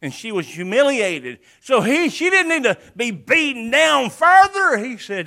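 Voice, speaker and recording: Folksy older preacher. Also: male voice, very high voice, very animated, moderate pace, few pauses. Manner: preacherly, swings from loud to hushed, folksy humor. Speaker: pastor. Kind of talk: sermon.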